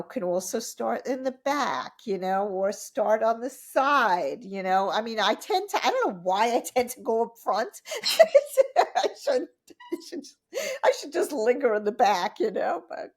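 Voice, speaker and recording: A woman in her fifties, a guest on a podcast, telling stories in a casual, animated way, laughing often and acting out what people said. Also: medium pitch. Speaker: podcast guest, triathlete and coach. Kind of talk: casual interview storytelling.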